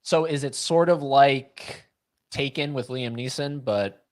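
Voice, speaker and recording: A man co-hosting a casual livestream chat, talking quickly and laughing often. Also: mid-range voice, dry recording. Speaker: livestream co-host.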